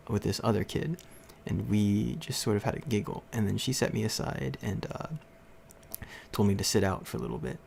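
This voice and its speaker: A young man hosting a livestream rambles through a casual story to his chat, laughing often and using lots of fillers. His voice is lowish and creaky, with slight background noise.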